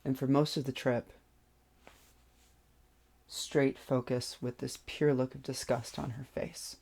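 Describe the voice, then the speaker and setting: A vlogger telling a personal story in a hesitant way, with many pauses and restarts. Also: mid-range voice, flat delivery, vocal fry, darkish tone, slightly rough.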